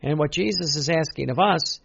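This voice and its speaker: Gravelly-voiced man preaching a sermon. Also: a little high, moderate pace, a bit bright, no room sound, lo-fi sound. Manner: earnest, repetitive, rising emphasis on key phrases.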